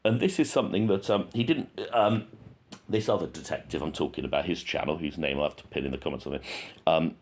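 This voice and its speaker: Male true crime host, low register, conversational, restarts sentences as he thinks it through. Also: quick pace. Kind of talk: casual true crime commentary.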